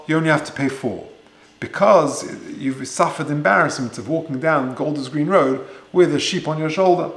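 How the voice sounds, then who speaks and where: A man, a rabbi giving a Torah lecture, conversational, with Hebrew and Yiddish terms and rhetorical questions. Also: a little high. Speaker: rabbi teaching a weekly Torah class. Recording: echoey room.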